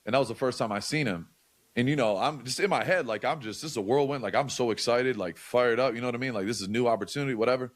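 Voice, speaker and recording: A young man with a mid-range voice talks at a quick pace as a guest on a podcast, telling stories in a casual chat. His manner is loose and profane, packed with frequent swearing, lots of "like," and constant restarts.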